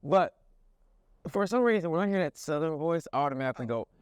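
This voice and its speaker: A man riffs through a comedy podcast in a voice pitched a bit high and full of lively swings. He tells profane stories, slipping into put-on characters as he goes. The sound is close and dry. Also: a little fast, dry recording. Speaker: podcast co-host. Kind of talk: casual comedic chat.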